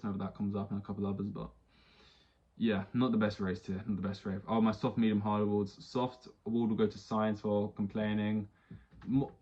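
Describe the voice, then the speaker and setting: A man hosting a podcast delivers an exasperated solo rant, rambling with plenty of swearing and false starts. His voice is fairly low and a little mellow, with lo-fi sound quality.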